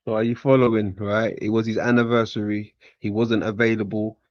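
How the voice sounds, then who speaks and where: A man's voice: on the low side, little pitch movement, a little fast, darkish tone, dry recording, highs cut off. A man hosting, commenting in a joking, sarcastic way. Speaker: host. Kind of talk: casual commentary.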